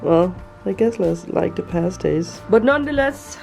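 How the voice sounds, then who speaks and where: Slow-talking woman chatting while cooking. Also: lowish voice, expressive, vocal fry, darkish tone, soft background music, poor audio. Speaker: cooking vlogger. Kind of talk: casual cooking vlog.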